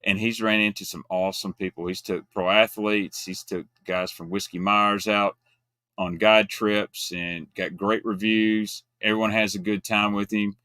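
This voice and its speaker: A man chatting casually as guest co-host, blunt and folksy, talking in quick bursts. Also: lowish voice, level tone, sharp tone, dry recording, clean studio sound. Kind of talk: casual chat.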